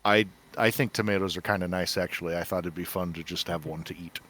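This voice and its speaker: A man's voice: low voice, fairly even intonation, fast, fairly bright tone. A man who made the week's puzzle, talking about it in a rambling casual way, often repeating words. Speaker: puzzle designer on a community stream. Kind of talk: casual chat.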